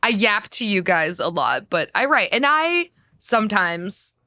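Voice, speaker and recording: An American woman journalist co-hosting a casual political talk show, chatty and animated, full of filler words. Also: mid-range voice, a little slow, no room sound, clean studio sound. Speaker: co-host, journalist.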